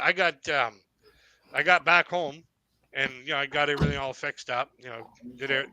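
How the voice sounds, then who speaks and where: A man's voice: mid-range voice, pushed and bright, dry recording. A man streaming and telling a funny story in a casual way. He talks wryly and swears freely. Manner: wry, swears freely, acts out quoted voices.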